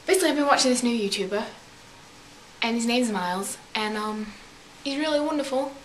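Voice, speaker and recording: A woman's voice: a little high, animated, a little fast. A young woman vlogger telling rambling stories in a put-on English accent, often correcting herself as she goes. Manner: rambling, self-correcting, chatty. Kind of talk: casual storytelling vlog. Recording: echoey room with faint hiss.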